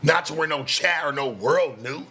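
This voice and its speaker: Bright-voiced ranting man streamer. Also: fairly high pitch, husky. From West Coast US. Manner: profane, heated, rapid-fire ranting. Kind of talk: heated reaction-stream commentary.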